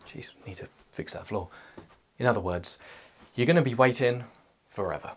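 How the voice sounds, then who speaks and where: A man's voice: mid-range voice, moderate pace, slight background noise. A young man talking to his own channel's viewers in a scripted self-help monologue, joking as he goes. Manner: playful, jokey asides.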